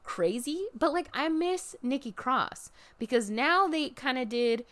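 Recapping a wrestling event in casual conversation, a young woman talks with lively energy at a measured pace. She shifts into high, mocking voices to quote others.

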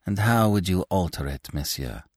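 A man voicing a sharp-tongued young actress full of sleek sarcasm. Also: low voice, expressive, moderate pace, dry recording, clean studio sound. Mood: sarcastic.

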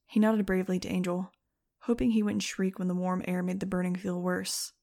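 A woman narrating an audiobook, reading lively scripted prose. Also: fairly low pitch, fairly quick, vocal fry. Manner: lively, shifting into excited first-person telling.

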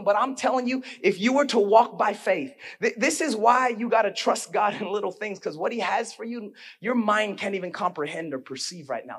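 A male pastor with a high, husky voice preaches his sermon. He moves from quiet, intimate storytelling up to loud, shouted peaks. He keeps firing questions straight at his congregation. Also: expressive, brisk, hardly any pauses.

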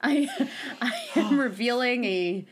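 A woman's voice: on the high side, slow pace, a little hiss or hum. A woman hosts a casual podcast and sounds a little stuffed up. She is friendly and giggles often as she asks her guest questions. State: stuffy nose. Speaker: podcast host.

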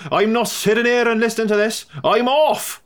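A man's voice: very high-pitched, fairly even intonation, moderate pace, smooth. A man voicing a pompous old male tennis umpire with a Welsh accent, huffy and indignant.

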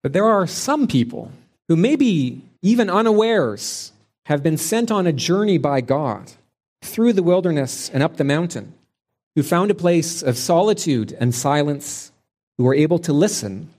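A man preaching a sermon in a slow, measured, reflective way, pausing often between phrases. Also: mid-range voice, darkish tone.

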